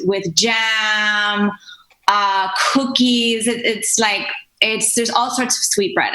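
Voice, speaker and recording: Woman, bright sharp voice, hesitant soft talk, echoey room, video call. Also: mid-range voice. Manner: soft-spoken, hesitant, searches for words. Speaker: guest, jazz vocal performer.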